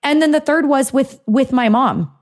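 A woman's voice: high-pitched, moderate pace. A middle-aged woman, a dietitian and author, telling a personal story in a casual conversation, often laughing and acting out her own past thoughts. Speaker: dietitian and author, interview guest.

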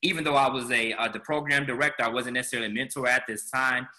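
Fast, bright-voiced man telling a story. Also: medium pitch, steady tone, rough recording. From South Side of Chicago. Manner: candid storytelling with a lot of "man". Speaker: former program director of a community arts center. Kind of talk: casual podcast interview.

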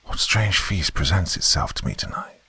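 A man voicing an ancient giant river serpent, a male, low, distant voice that talks down with imperious contempt. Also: expressive, normal speed, vocal fry, sharp tone, slightly rough, dry recording, exaggerated voice. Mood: commanding.

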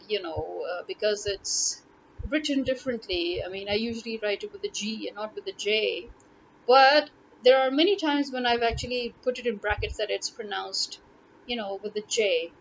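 Exasperated Pakistani woman ranting on lo-fi audio. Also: fairly high pitch. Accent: Pakistani English. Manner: exasperated, rhetorical questioning. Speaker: vlogger. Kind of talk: casual opinion monologue. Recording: dull lo-fi audio with faint noise.

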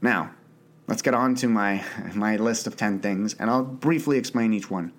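A man's voice: lowish voice, moderate pace. A young man hosting a solo podcast, talking earnestly and off the cuff with frequent restarts and the odd swear word. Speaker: podcast host. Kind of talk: unscripted solo podcast monologue.

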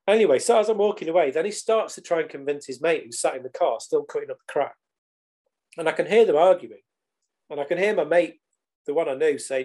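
Middle-aged man, podcast guest, lively and casual, slightly high pitch. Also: fast. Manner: animated, casual swearing. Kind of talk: storytelling in conversation.

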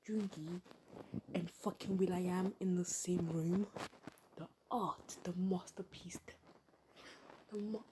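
A woman's voice: medium pitch, background noise. Gushing woman, often whispering. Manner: gushing, swearing, often dropping to a breathy whisper. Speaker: fan vlogger. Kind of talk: excited casual rant to camera.

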